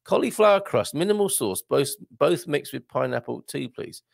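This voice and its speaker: Chatty male host, gravelly and lively. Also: on the high side, normal speed, dry recording, clean studio sound. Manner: chatty, jokey, with tag questions. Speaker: live show host. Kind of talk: casual live-stream chat reading comments.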